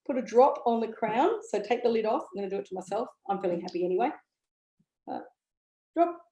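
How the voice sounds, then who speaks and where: This essential oil educator speaks a little fast, her fairly high voice lively in intonation yet dark in tone. It's a casual, excited product talk to camera, loaded with ums and okays, recorded in a room with echo.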